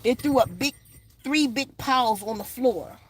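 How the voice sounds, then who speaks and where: High-voiced woman telling a blunt story. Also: expressive, a little slow, a little hiss or hum. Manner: blunt, profane, streetwise slang. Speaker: vlogger. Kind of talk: casual storytelling. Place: outdoors in the sun.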